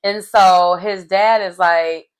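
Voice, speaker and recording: A woman's voice: fairly low pitch, fairly even intonation, takes it slowly, clear, resonant tone. A woman hosting a casual reality TV recap, sassy and colloquial, laughing often as she reacts.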